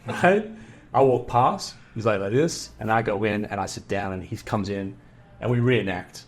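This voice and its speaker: Lively Australian man telling a story. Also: on the low side, moderate pace. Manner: animated, acts out quoted dialogue. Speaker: podcast guest, entrepreneur. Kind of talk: casual storytelling.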